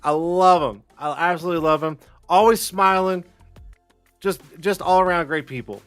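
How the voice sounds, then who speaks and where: Profane, excitable male live-stream host. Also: high voice, moderate pace, clear, resonant tone, no echo, soft background music. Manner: rambling, profane and excitable, with frequent restarts and laughs. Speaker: livestream talk show host. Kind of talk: casual live-stream chat.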